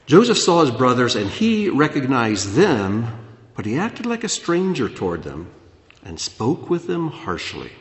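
A man preaching a sermon as pastor, dropping low and soft, then rising loud and animated. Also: a little slow. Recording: echoey hall.

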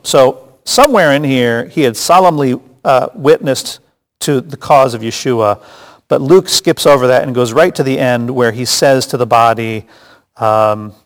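A man's voice: medium pitch, unhurried. A man teaching a casual Bible study, chatty and joking, with frequent restarts and asides. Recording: long hall reverb.

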